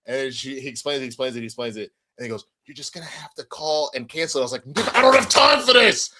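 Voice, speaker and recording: A man's voice: fairly high pitch, bright, forceful tone. A young adult man casually telling a funny story, acting out the other people's lines and swearing freely. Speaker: podcast co-host.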